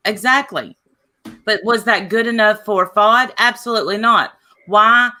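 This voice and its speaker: A woman's voice: medium pitch, a little slow, bright, forceful tone. A woman on a live stream chat, talking insistently and defending herself.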